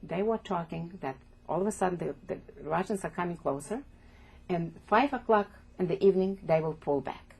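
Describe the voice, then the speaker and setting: An older woman from Poland giving oral history testimony as an interviewee, speaking haltingly and repeating words as she goes. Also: lowish voice, darkish tone. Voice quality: gravelly, husky.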